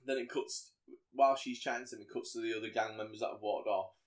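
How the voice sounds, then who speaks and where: A man's voice: on the low side, fast. A man co-hosting a podcast, casually retelling a film scene by scene and acting out the characters' lines in voices. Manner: animated storyteller, acts out quotes in voices. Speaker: podcast co-host. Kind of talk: casual chat recapping a film.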